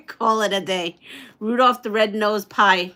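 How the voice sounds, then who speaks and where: A woman's voice: medium pitch, a little slow, bright, forceful tone. A middle-aged woman hosting a quilting channel, chatting casually at home while sewing and reading viewer comments aloud.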